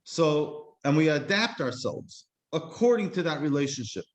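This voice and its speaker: Brief: a reflective male teacher giving a class, slightly high voice, roomy echo. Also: sing-song. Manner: reflective, slows to stress key words. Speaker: Jewish teacher. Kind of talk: explanatory class talk.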